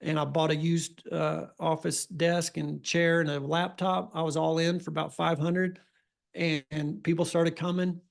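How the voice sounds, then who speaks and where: A middle-aged man, a family doctor, telling his story in an interview with a folksy, energetic manner. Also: a little high, unhurried, creaky. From Texas.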